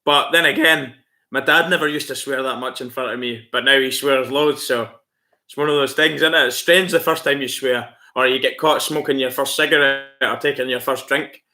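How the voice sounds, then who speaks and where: A man's voice: medium pitch, fairly even intonation, normal speed, sharp tone. A Scottish man chatting casually on a live stream, swearing freely and laughing often as he answers viewers. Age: adult with school-age kids.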